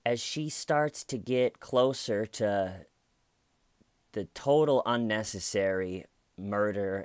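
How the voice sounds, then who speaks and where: Sarcastic man with a low, dry voice. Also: no room sound. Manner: sarcastic, profane, mimics people he talks about. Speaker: commentary channel host. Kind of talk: casual true-crime commentary.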